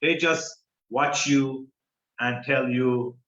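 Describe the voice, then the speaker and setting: A man, a guest telling a story in halting English full of fillers over a video call. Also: mid-range voice, steady tone, a bit bright, echoey room, muffled recording. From Iran. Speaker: guest author. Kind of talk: interview storytelling.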